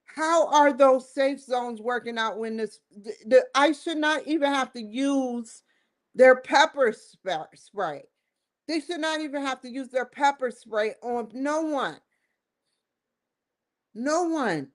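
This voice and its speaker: A woman's voice: sits high, expressive, takes it slowly. A woman hosting her own show, giving an emphatic, rambling opinion commentary that circles back and repeats points. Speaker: show host.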